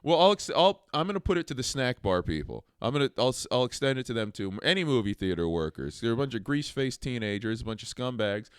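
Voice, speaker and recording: Young male podcast host, sardonic and crude, clear voice, dry close mic. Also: mid-range voice, very animated, quick pace, hardly any pauses, dry recording. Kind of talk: casual chat.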